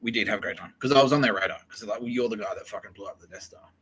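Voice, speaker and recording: Bright-voiced Australian man rambling. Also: lowish voice, racing, breathy edge, low-quality recording. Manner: profane, laughing, digressive storytelling. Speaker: podcast host. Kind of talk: rambling comic monologue.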